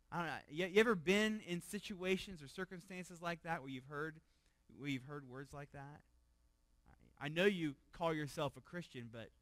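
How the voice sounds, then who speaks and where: Higher-pitched pastor preaching a sermon. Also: male voice, normal speed, no echo. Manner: conversational, repeats words, asks the room questions; swings from loud emphasis to hushed low tones.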